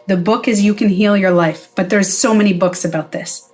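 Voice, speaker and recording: A middle-aged woman who once owned a spa talks fairly quickly to the camera in a mid-range voice, soft music in the background of her casual vlog. She's outspoken, curses freely, and acts out the voices of those she quotes.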